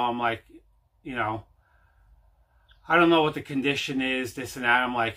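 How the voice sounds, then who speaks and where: A man's voice: medium pitch, moderate pace, long pauses, bright, forceful tone. A man hosting his own home video, telling a long casual story with lots of fillers and repeats. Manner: rambling, repeats himself, many fillers. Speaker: host.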